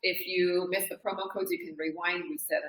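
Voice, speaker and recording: Bright upbeat woman fitness host. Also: fairly low pitch, fairly even intonation, brisk. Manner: upbeat, laughs easily, chatty. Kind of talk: casual chat and announcements. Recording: roomy echo.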